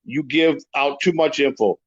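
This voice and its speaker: A man's voice: medium pitch, moderate pace, dry recording, muffled recording. An older man from Chicago hosting a podcast, reading viewer comments aloud and answering them in a defensive, rambling way. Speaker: podcast host. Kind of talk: livestream chat reading comments.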